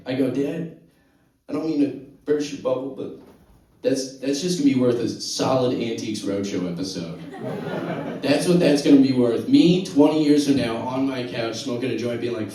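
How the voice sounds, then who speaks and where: Man, stand-up comic, deadpan stories, loud outbursts, roomy club echo, distant mic. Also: mid-range voice, moderate pace, crowd noise. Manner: deadpan storytelling, bursts of loud laughing exclamations. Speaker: stand-up comedian and show host. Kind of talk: stand-up comedy set. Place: comedy club with live audience. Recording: echoey club, recorded from a distance.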